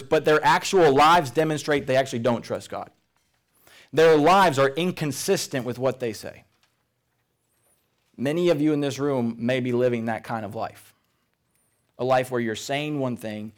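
Man, pastor, sermon, earnest, emphatic, mid-pitched voice. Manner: earnest, emphatic, drops to quiet intensity. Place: church service room.

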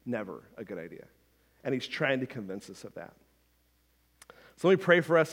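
A man's voice: mid-range voice, lively intonation, a little fast, long pauses, long reverb tail. A man preaching a sermon as a pastor, talking conversationally with frequent asides and restarts.

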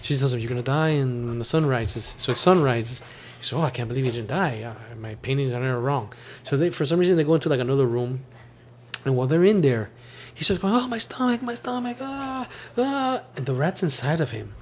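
A man hosting a podcast, retelling a show in a loose, animated way with lots of laughter. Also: mid-range voice, fast, slight background noise. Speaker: podcast host. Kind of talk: casual chat.

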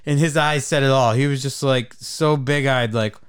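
A man hosting a podcast, telling a story in a casual, animated way, swearing often and laughing. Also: medium pitch, moderate pace, a little hiss or hum. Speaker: podcast host.

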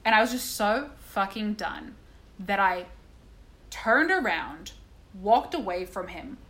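A woman's voice: medium pitch, animated, slow pace, a bit bright. A young woman co-hosting a casual chat, telling stories in a blunt, dry way and swearing for emphasis. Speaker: podcast co-host.

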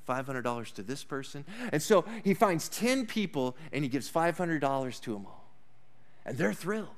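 A pastor delivers a sermon in a notably high voice for a man. He preaches emphatically, swinging between quiet asides and loud, slowed-down declarations. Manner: emphatic preaching, rises and falls in pitch and volume, slows on key points.

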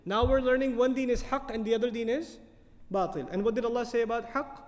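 A man giving a tafsir lecture as a Quran teacher, animated and often putting questions to his audience. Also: extremely high pitch, fast talker, in a large hall.

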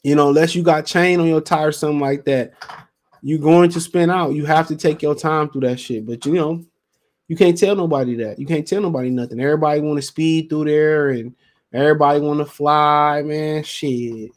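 A man with a slightly high, fairly even voice talks a little fast. Hosting a casual solo podcast, he rambles in slangy, profane language and reads out listener comments.

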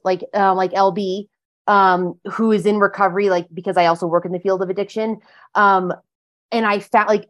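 A woman guest on a podcast, telling her story in a chatty, emphatic way with lots of filler words. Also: medium pitch. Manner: chatty and emphatic, heavy use of "like". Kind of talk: casual conversational interview.

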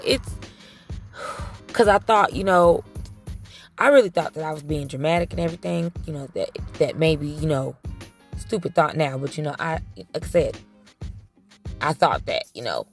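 A young adult woman telling her viewers a story in a casual, emphatic way, talking straight to them. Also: low voice. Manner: emphatic and animated, talks straight to the audience.

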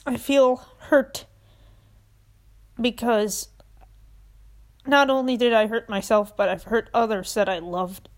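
A woman's voice: medium pitch, measured pace. A young woman hosting a podcast, earnestly guiding listeners through a self-help exercise and getting emotional at times. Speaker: podcast host.

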